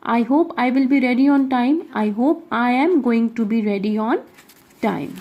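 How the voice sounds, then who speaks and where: A woman's voice: a little high, moderate pace, highs cut off. A woman with an Indian English accent, teaching an English grammar lesson as she works through exercises aloud and explains each answer step by step. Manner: explains step by step, with frequent checking asides.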